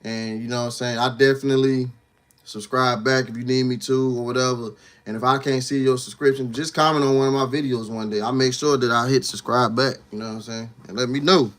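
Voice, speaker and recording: A man's voice: mid-range voice, steady tone, brisk. Slangy man teasing chat on a livestream. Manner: loose slangy talk, frequent "you know what I'm saying"; teasing, confrontational questions to a viewer. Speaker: livestream host. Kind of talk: casual livestream chat with viewers.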